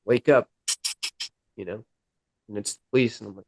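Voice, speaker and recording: A young man, a podcast guest, telling his own story candidly, with halting restarts. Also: on the low side, steady tone, creaky, a little mellow, no room sound. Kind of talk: personal storytelling.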